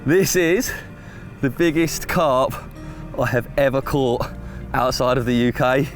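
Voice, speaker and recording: A young Englishman, an excitable carp angler, chatting outdoors by a large lake, swearing and chuckling. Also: mid-range voice, unhurried, faint music behind. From England. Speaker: carp angler and channel presenter. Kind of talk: casual excited chat.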